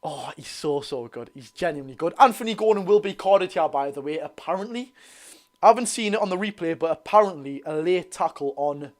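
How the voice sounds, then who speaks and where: A young man with a Geordie accent giving excitable, bantering live commentary on a football match while reading out viewer comments. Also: on the high side, fairly quick. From North East England. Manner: excitable, banter-filled, reads chat aloud. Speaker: football channel host.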